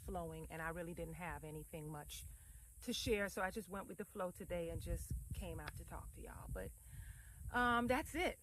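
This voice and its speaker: A woman's voice: on the low side, normal speed, noisy background. A woman, likely in her thirties, vlogging from home in a loose, rambling, heartfelt way, calling her viewers fam. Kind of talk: casual reflective talk to camera.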